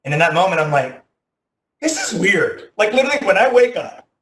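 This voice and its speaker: A man in his thirties telling a personal story as a motivational talk, animated, often saying "like", with loud bursts at dramatic moments. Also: high voice, brisk. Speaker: teacher giving a motivational talk. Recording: echoey room.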